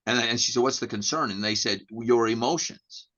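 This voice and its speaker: A man's voice: medium pitch, normal speed, a bit bright, dull audio. A middle-aged man, a podcast guest, telling a story in a candid chat, often repeating words and acting out the dialogue.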